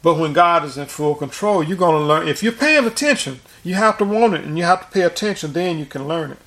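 A man's voice: on the high side, lively intonation, brisk, fairly bright tone. A man preaching informally and recounting a dream, rambling with frequent restarts and repeated words. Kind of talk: informal sermon and dream testimony.

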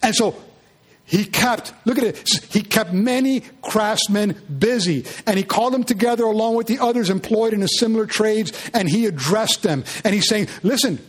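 A pastor preaching a sermon, animated and firing rhetorical questions at his congregation. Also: high-pitched, normal speed, husky.

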